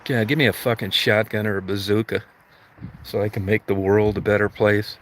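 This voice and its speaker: A man's voice: fairly low pitch, steady tone, a little fast, slight background noise. A man hosting a livestream, ranting crudely with constant swearing and mock outrage. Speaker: livestream host. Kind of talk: profane comedic rant.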